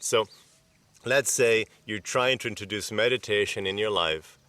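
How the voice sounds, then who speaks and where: A man's voice: low-pitched, gravelly, sharp tone. A man teaching on yoga and self-improvement in a loose, conversational way, often saying "you know" and "like" and acting out the self-talk he describes. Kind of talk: casual self-help talk to camera.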